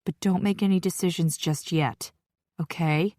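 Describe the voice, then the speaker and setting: A woman narrator voicing a gentle, calm middle-aged mother reassuring her daughter in an audiobook. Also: lowish voice, normal speed, dry recording, clean studio sound, lightly acted. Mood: soothing. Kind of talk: audiobook character voice.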